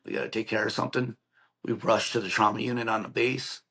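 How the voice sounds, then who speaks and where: A middle-aged man with a somewhat low voice recounts a painful memory as a podcast guest. He talks in an earnest, plainspoken way and slips into the voices of the people he quotes. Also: fairly even intonation, fast talker, creaky, bright, forceful tone, slightly rough. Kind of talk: emotional personal storytelling.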